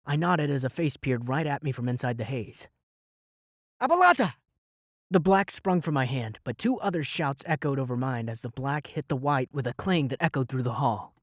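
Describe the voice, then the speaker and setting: A young man narrating a fantasy audiobook in the first person with lively, dramatic delivery. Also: mid-range voice, a little fast, hardly any pauses, no echo, studio quality. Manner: lively, dramatic storytelling with shouted spells.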